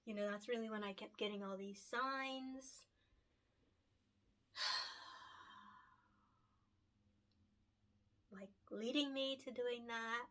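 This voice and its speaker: A woman's voice: a little high, steady tone, drawn-out words, long pauses, sharp tone. A young woman who writes and illustrates picture books, talking casually and from the heart, often laughing and getting emotional. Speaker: picture book author and illustrator. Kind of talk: casual solo chat to camera.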